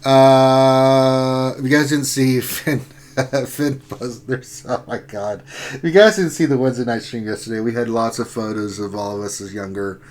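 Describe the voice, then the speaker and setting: A man's voice: mid-range voice, fairly even intonation, unhurried, a little mellow. A man hosting a casual gaming livestream, joking around, laughing often and reading out viewer comments. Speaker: livestream host reading chat.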